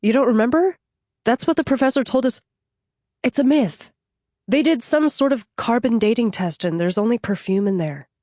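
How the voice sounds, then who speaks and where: Woman narrator as a blunt young woman in grief, incredulous and matter-of-fact, only a little above her own lower voice, dry close reading. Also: lively intonation, moderate pace, dark tone, no room sound, natural voice. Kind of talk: audiobook dialogue reading.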